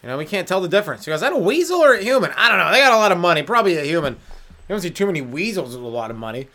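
A Canadian comedian hosting his own podcast talks very fast in a slightly high, bright, forceful voice with lively intonation. Stoned on weed, he riffs through a rambling solo rant full of silly put-on voices and sung snippets.

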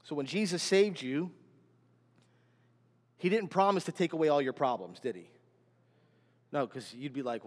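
A man's voice: high-pitched, expressive, moderate pace, a bit bright. A man preaching a sermon as pastor, emphatic and repetitive, building in intensity. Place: church sanctuary. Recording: long hall reverb.

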